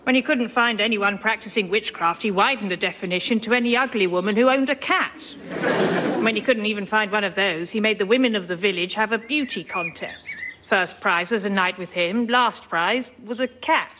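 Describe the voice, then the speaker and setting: A woman's voice: mid-range voice, moderate pace, noisy background, natural voice. An actor playing an indignant, theatrical vengeful spirit of a village woman in a comedy sketch. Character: vengeful female witch-like ghost, huffy.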